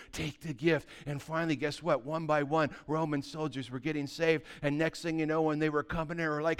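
A male pastor preaching with a smooth, resonant voice that sits a little high for a man. He drops into hushed asides, then builds to excited shouts. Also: brisk, few pauses. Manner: animated, swings from quiet asides to excited shouting. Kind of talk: sermon. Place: church sanctuary with congregation.

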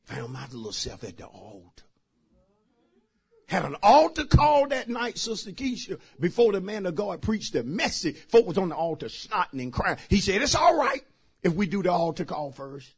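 A man's voice: fairly high pitch, big pitch swings, moderate pace, slightly rough. A middle-aged man, a pastor preaching a sermon with personal testimony. He talks fervently and repeats himself, addressing the congregation directly.

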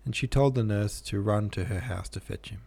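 A man narrating a classic novel aloud in a measured, even manner. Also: fairly low pitch, vocal fry, breathy edge. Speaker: audiobook narrator.

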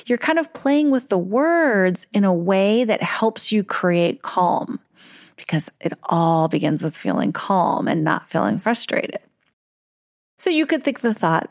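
A middle-aged woman hosting a podcast, giving parenting advice in a calm, reflective way and slowing down on key words. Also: mid-range voice, vocal fry, no echo, studio quality. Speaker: parent educator and podcast host.

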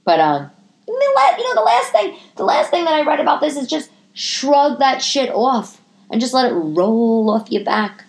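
A woman in her thirties hosting a casual solo podcast from her living room, chatty and profane, often jumping into animated high-pitched asides. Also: a little slow. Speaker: podcast host.

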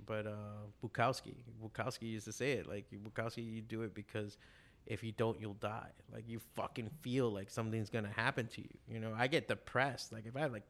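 A middle-aged man who runs an art shop, talking casually and profanely about passion and drawing. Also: fairly low pitch. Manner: profane, animated storyteller. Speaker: comic artist and shop owner. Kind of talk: casual podcast chat.

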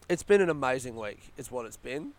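A young Australian man hosting a casual solo podcast outdoors, rambling through stories in a chatty, rushed way. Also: medium pitch. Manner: rambling, chatty, retelling stories with quoted voices. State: yawning, a bit rushed. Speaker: podcast host. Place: outdoors in a smoking area by a housing estate.

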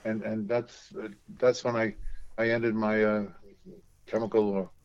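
An older man from New York, telling stories as an interview guest in a halting way full of fillers and repeated words. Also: fairly low pitch, little pitch movement, smooth, highs cut off. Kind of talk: casual storytelling.

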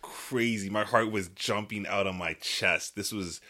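A man co-hosting a podcast, reviewing a film in casual chat, excitable and emphatic. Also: lowish voice, unhurried. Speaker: podcast co-host.

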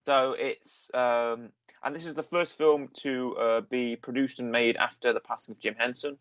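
An enthusiastic male co-host in a casual film-review chat. He rambles eagerly through his points, and his voice sits in a mid pitch. The sound is dry and close. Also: steady tone, normal speed, a bit bright, no room sound. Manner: enthusiastic, rambling, with fillers and restarts. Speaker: podcast co-host.

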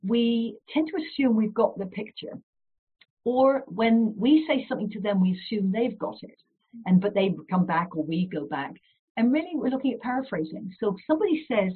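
Woman, psychologist guest, husky, lively explanations, tinny call audio. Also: fairly high pitch. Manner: animated, acts out little dialogues. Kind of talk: explanatory interview talk. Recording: phone-like remote call audio.

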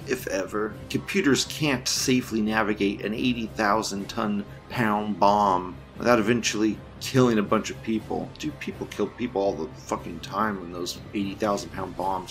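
A man's voice: fairly low pitch, vocal fry. A young man hosting a casual commentary show, rambling and crude, laughing often. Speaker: show host.

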